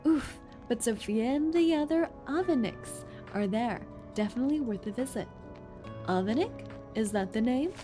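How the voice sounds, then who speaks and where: A woman's voice: fairly high pitch, animated, moderate pace, music in the background. A woman streamer chatting playfully and reading game text aloud during a gameplay stream. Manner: playful and giggly, jokes around.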